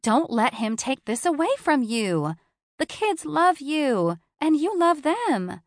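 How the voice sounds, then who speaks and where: An encouraging female best friend, as a woman narrator puts her on, bright and emphatic. The lines lift noticeably above the reader's own voice and land with energy. The recording is dry and close. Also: high-pitched, very animated, takes it slowly, dry recording, pitched above the performer's own voice, full character voice. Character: supportive upbeat female best friend, teacher. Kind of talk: audiobook character voice.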